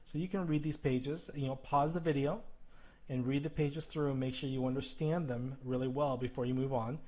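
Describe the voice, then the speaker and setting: A man's voice: medium pitch, steady tone, normal speed, darkish tone. A male teacher explaining plural sounds in a video lesson, talking straight to the viewer, checking in with "okay?" and exaggerating the sounds he demonstrates. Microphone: recording while flipping through a textbook.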